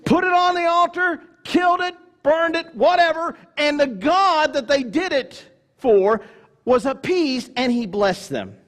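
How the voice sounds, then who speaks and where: Man, high voice, pastor, preaching a sermon, swings from loud to hushed. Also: expressive, a little slow. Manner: mimics grudging churchgoers in low mocking asides.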